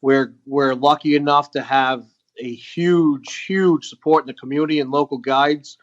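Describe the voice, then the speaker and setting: Halting, earnest male veteran guest. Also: on the high side, steady tone, highs cut off. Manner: halting, frequent "uh" and restarts, earnest. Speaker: guest, veteran who runs an outdoor organization for veterans. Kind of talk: candid storytelling in interview.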